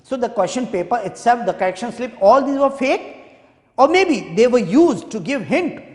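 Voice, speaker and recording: A man's voice: extremely high pitch, animated, moderate pace. A male teacher who reads a story aloud and stops to explain the words in simple terms. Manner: explains each word in simple terms, then goes back to reading. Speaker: English teacher. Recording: echoey room with long reverb.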